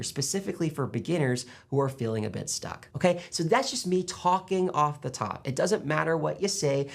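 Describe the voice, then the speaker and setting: Gravelly-voiced man coaching public speaking. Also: a little high. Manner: coaching, animated, demonstrates loud and soft delivery. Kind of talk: instructional talk to camera.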